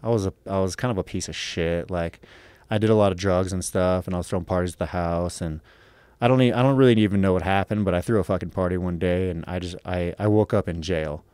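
A man's voice: sits low, fast, a little mellow, clear, resonant tone, no echo. A man in his thirties, an MMA fighter on a podcast, telling a story casually with lots of swearing and acted-out quotes.

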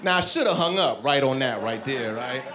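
A man's voice: medium pitch, lively intonation, moderate pace, a crowd in the background. A man in his thirties doing a stand-up comedy routine on a club stage, telling a story with voiced asides. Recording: club stage mic with audience noise.

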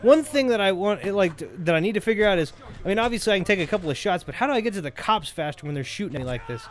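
A man giving casual let's-play commentary over a game, rambling, joking and getting excited as he plays. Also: sits high, very fast. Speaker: gameplay commentator.

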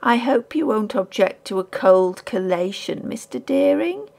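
A furtive, wheedling male collector, put on by a woman reading a ghost story aloud. He talks high and hushed, insinuating every word, with a gravelly edge and a lively, swooping pitch. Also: measured pace. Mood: sly.

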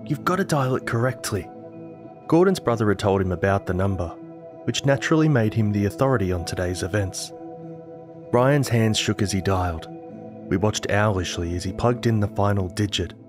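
A man giving a scripted narration of a horror story in a measured storytelling manner. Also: lowish voice. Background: music.

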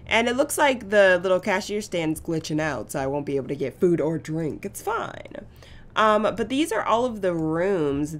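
A woman giving casual gameplay commentary as a channel host, chatty and gushing with excitement. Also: lowish voice. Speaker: gaming YouTuber.

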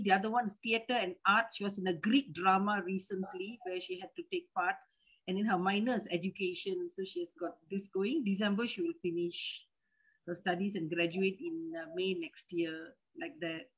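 A woman's voice: mid-range voice, fairly bright tone, husky, low-quality recording. A middle-aged Malaysian woman with a Malaysian English accent, speaking respectfully and hesitantly to her teacher, often repeating words as she restarts. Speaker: disciple calling in with a question. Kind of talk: casual chat.

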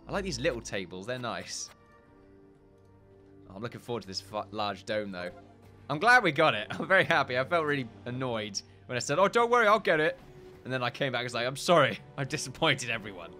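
Lively, bright-voiced young man gaming. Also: mid-range voice. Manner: chatty, joking, swears and laughs while playing. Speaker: gaming YouTuber. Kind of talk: casual let's-play commentary.

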